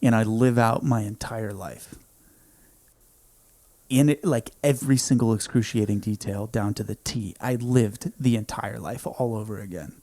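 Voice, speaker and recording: A man in his thirties, a podcast guest in a home studio, telling a story in an intense, emphatic way, often saying "dude" and swinging between hushed and loud. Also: lowish voice, moderate pace, no echo. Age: 30s. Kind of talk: casual storytelling.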